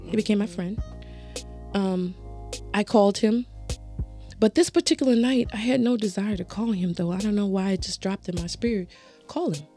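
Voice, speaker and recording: A woman tells a personal story as a podcast guest. Her voice sits at an ordinary pitch for a woman. She keeps the telling lively and conversational. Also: normal speed, long pauses, faint music behind. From Southern United States. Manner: animated, acts out quoted voices. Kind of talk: casual storytelling chat.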